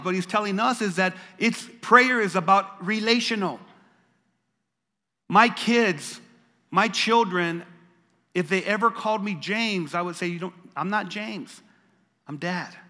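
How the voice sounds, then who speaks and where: An older male pastor with a high-pitched, sharp voice preaches unhurriedly, repeating phrases to drive his points home with emphasis. The long reverb of a large hall surrounds his words.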